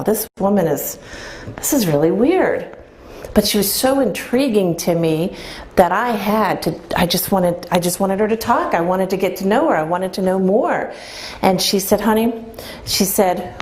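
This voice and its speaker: A middle-aged woman with a medium-pitched, darkish voice tells a personal story to a live audience in an event room. She quotes herself and others and asks the listeners questions.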